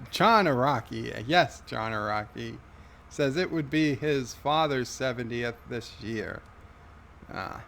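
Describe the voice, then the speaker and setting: Slow-talking man reading stream chat. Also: medium pitch, vocal fry, fairly bright tone, slight background noise. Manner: halting, many fillers and restarts, wry. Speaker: livestream host. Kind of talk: casual livestream chat, reading comments aloud.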